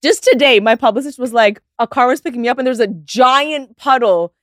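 A woman from Canada in her thirties, a podcast guest telling stories in casual chat, animated and mimicking other people. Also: on the high side, a little fast, no echo, clean studio sound.

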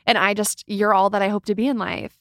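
A woman's voice: mid-range voice, steady tone, quick pace, fairly bright tone, no echo, studio quality. A young woman hosting a podcast and chatting casually with her mother. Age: young adult. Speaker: podcast host. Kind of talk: casual interview chat.

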